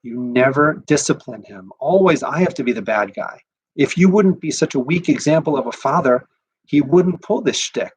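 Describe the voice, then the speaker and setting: A man voicing an exasperated mother who scolds her son and her husband in a sharp voice. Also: low-pitched, expressive, moderate pace, husky, pitched above the performer's own voice, full character voice, poor audio. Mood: bitter. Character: exasperated mother of two sons, quick to anger.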